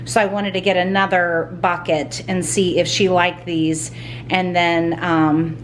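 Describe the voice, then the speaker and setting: A woman's voice: fairly low pitch, little pitch movement, a little slow, slight background noise. A middle-aged woman hosting a casual home decorating haul vlog, gushing and rambling with lots of ums and likes. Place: at home indoors.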